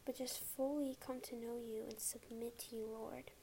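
Breathy young woman praying earnestly. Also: a little high, little pitch movement, moderate pace, warm tone, a little hiss or hum. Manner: earnest, breathy, often half-whispered. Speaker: Christian vlogger. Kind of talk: spoken prayer and closing message.

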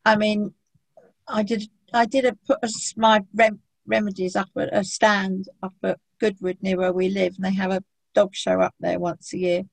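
A woman's voice: medium pitch, flat delivery, moderate pace, vocal fry, no room sound, poor audio. A woman telling a long, chatty story about treating dogs, acting out what people said to her. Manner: chatty anecdotal storyteller, acts out quotes. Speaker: dog remedy practitioner. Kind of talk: casual conversation, storytelling.

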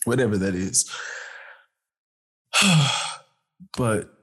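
Husky tearful man, halting and heartfelt. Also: medium pitch, expressive, fairly bright tone. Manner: halting, heartfelt, with sighs and pauses. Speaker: man addressing his younger self. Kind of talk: emotional personal address.

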